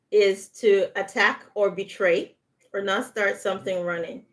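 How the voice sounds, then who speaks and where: A woman's voice: medium pitch, steady tone, measured pace. A woman giving a live online English lesson, patiently modeling word stress and switching into French to explain. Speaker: English tutor.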